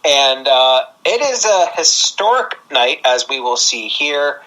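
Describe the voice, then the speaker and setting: A man from Canada, co-hosting a wrestling podcast in relaxed, chatty talk. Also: medium pitch, takes it slowly, low-quality recording. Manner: chatty, laughing asides. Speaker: podcast co-host. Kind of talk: casual wrestling podcast chat.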